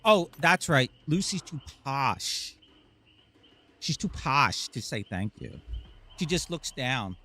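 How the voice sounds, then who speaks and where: A man's voice: medium pitch, big pitch swings, takes it slowly, bright, forceful tone. A man streaming a game live, rambling and joking to his chat with frequent laughs. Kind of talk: live gameplay commentary.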